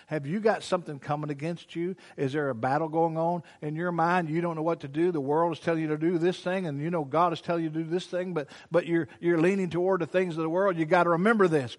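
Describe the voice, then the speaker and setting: An older man preaching a sermon, folksy and teasing, moving between quiet asides and loud preaching. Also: on the high side, fairly quick. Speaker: pastor.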